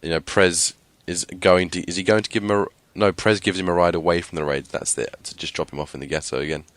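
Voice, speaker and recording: Deep guy recapping tv, dry close sound, chatty with lots of ums. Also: steady tone, fast talker, no room sound. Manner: chatty, laughs often, hesitant fillers. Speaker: podcast co-host. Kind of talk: casual TV recap chat.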